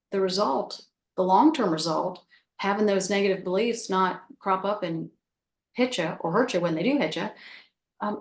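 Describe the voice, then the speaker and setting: Woman teaching with lots of repetition. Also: medium pitch. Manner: repeats phrases, acts out self-talk examples. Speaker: guest teacher. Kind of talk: casual spiritual teaching on a call. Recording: roomy echo.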